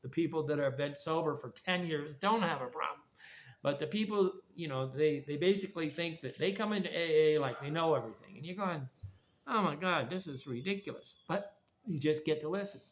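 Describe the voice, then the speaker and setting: A man's voice: a little high, fairly quick. A man giving a blunt, rambling, preachy monologue about recovery and trauma. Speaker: vlogger. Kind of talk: casual monologue. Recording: faint background noise.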